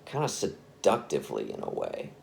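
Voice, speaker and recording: A man's voice: rumbling low, wildly swooping pitch, normal speed, creaky, darkish tone, slight background noise. Casual rambling male storyteller. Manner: casual, rambling, self-correcting. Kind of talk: spoken scary story narration.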